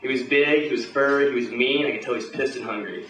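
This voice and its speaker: A man telling a first-person pulp action tale aloud in a gruff, swaggering, profane, hardboiled way. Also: medium pitch, quick pace, fairly bright tone, reverberant, distant mic, a little hiss or hum, poor audio. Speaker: storyteller.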